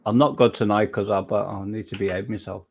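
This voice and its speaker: A man's voice: fairly low pitch, steady tone, a little fast, gravelly, slight background noise. A man hosting a casual livestream chat, rambling and self-deprecating, joking about himself as he goes. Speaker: livestream host.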